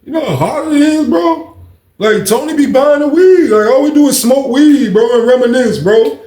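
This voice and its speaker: A man acting out a defensive young male inmate who pleads his case in a high, whiny voice. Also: moderate pace, dark tone. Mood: pleading. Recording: roomy echo.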